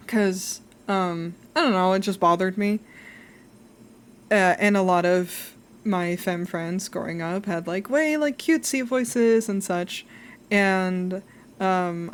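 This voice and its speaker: A young adult woman chatting casually while drawing on a live stream, rambling and self-reflective, laughing often. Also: mid-range voice.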